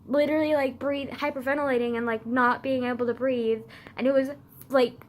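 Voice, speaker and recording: A woman's voice: sits high, steady tone, fairly quick. A young woman telling a personal story in a casual vlog, rambling with constant "like" and casual swearing.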